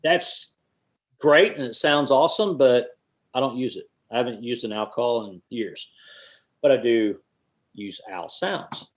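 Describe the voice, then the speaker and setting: A man, teaching a webinar and telling hunting stories, now and then hooting owl calls out loud. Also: medium pitch, measured pace. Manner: animated storyteller, hoots owl calls with his voice. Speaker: guest instructor, call maker.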